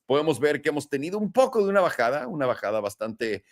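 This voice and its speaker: Lively, joking man hosting a stream. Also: a little high, racing. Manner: joking, laughs often, lively. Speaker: host of a trading stream. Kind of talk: casual chat and market commentary.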